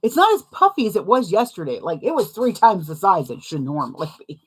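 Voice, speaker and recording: A woman's voice: fairly low pitch, sing-song, a little fast, breathy edge. A young adult woman chatting casually while sewing, rambling and self-deprecating, laughing often and wincing from a sore foot. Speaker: sewing vlogger.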